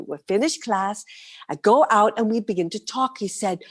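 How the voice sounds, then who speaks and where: A middle-aged woman from New City, a guest performer telling her stories in an interview, lively and vivid, sometimes dropping to a whisper. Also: mid-range voice, moderate pace, slightly rough. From New York City. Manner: animated, vivid storyteller, breaks into soft whispers. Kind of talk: storytelling interview.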